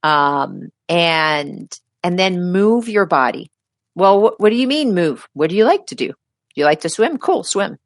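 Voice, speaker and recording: Her voice sits on the low side and moves a little slowly, captured in studio quality with no room sound. As a middle-aged healthcare provider guesting in a relaxed interview, she gives advice emphatically and animatedly, performing the lines of patients she quotes.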